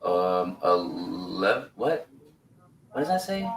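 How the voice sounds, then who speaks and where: A man's voice: lowish voice, sing-song, moderate pace, fairly bright tone, echoey room, recorded from a distance, a little hiss or hum, low-quality recording. A man in his forties hosting a casual livestream, rambling in a laid-back way, laughing easily and reading chat comments aloud. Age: 40s. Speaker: host of a building livestream.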